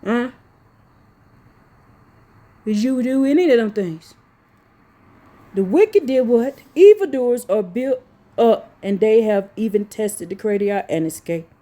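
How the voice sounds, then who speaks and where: A woman's voice: fairly high pitch, lively intonation, takes it slowly, long pauses, warm tone. A woman preaching with fervor, scolding her listeners and reading scripture aloud. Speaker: preacher speaking to followers. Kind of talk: impassioned preaching.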